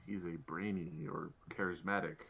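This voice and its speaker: Bright, gravelly, lively man at a game table. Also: deep voice, moderate pace, lo-fi sound, slight background noise. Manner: joking, laughs often. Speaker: player. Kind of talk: casual tabletop game chat.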